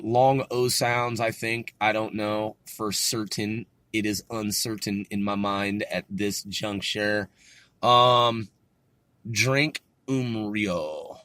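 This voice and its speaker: A man's voice: on the low side, fairly bright tone, no echo. Man, casual solo podcast host, rambling and unsure, swears offhand, dry close sound. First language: English. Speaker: podcast host learning Korean.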